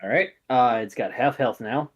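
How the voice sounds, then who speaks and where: A man's voice: mid-range voice, normal speed, husky. A man narrating a tabletop game as game master, casual and full of "uh"s. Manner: casual, many fillers.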